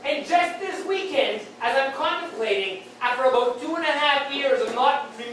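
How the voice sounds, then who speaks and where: A man doing stand-up storytelling on stage, rambling and halting, with many fillers and restarts. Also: extremely high pitch, expressive, a bit bright. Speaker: stand-up comic. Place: beer hall comedy stage. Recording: very echoey hall, distant mic, faint noise.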